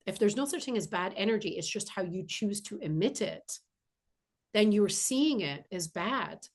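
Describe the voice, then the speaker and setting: A woman's voice: mid-range voice, expressive, normal speed. A woman spiritual teacher giving an earnest, emphatic inspirational monologue, often repeating key phrases for weight.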